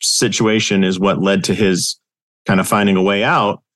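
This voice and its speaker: Low-voiced chatty man hosting. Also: normal speed, dry recording, studio quality. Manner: chatty, many fillers, relaxed swearing. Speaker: podcast host. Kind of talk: casual interview chat.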